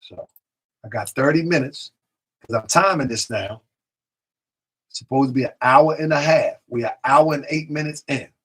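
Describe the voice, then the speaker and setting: A man's voice: mid-range voice, moderate pace, pauses often, fairly bright tone, slightly rough. A man hosting a live stream, chatting casually, reading out viewer comments and often repeating himself. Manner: talks to chat directly, repeats himself, drifts off mic.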